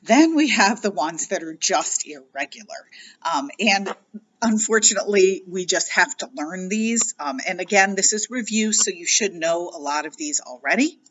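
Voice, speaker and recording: A woman's voice: on the low side, lively intonation, normal speed, a bit bright, highs cut off. A woman teacher explaining grammar patiently in a recorded lesson, spelling out letters as she goes. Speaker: French teacher.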